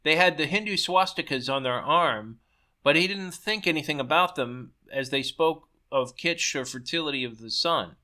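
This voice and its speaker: Man, storyteller, reads aloud with slips, bright tense tone, slightly high. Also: normal speed. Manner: stumbling reading with self-corrections.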